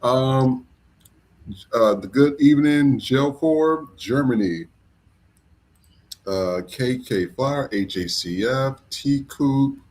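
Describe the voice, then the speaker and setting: A man's voice: medium pitch, slow, long pauses. A man hosting a live podcast, casually greeting viewers while fixing technical trouble. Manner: relaxed, fumbling with tech, shouting out viewers. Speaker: podcast host. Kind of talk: casual live-stream chat.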